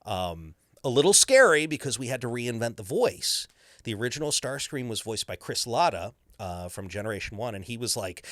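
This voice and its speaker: A man's voice: mid-range voice, sing-song, moderate pace, fairly bright tone, dry recording. A man who is a voice actor, telling stories animatedly in a podcast interview and slipping into character voices. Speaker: voice actor guest.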